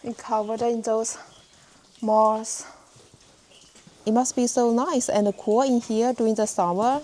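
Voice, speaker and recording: A woman's voice: fairly high pitch, fairly even intonation, takes it slowly, warm tone, a little hiss or hum. A young woman vlogging casually as she hikes through a narrow, humid cliff crack, chatting to viewers as she walks. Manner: chatty, talks to viewers while walking. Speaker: hiking vlogger. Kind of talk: casual vlog narration while hiking.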